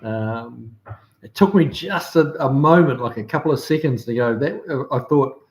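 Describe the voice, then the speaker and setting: At a normal speed and medium pitch, a New Zealand man hosts a livestream, relaxed as he chats and reads out viewer comments. He says um a lot and keeps restarting, and the room adds an echo.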